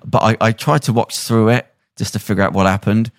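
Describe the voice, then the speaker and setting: Brief: lower-pitched male podcast host, chatty and animated, dry studio sound. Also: brisk, no room sound. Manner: animated retelling with acted-out quotes. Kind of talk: casual chat, storytelling.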